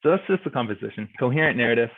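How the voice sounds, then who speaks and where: Talking very fast and expressively in a mid-range voice, a young guest speaker walks a virtual club meeting through judging speech events, full of "like" and "kinda." The dry recording comes through as thin, phone-like video call audio.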